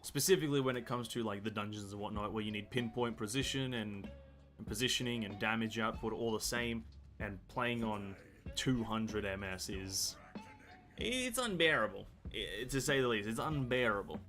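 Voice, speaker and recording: A man's voice: lowish voice, fairly even intonation, moderate pace, fairly bright tone, soft background music. A man chatting casually on a game live stream, rambling, correcting himself and reading chat aloud. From Australia. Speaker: gaming streamer.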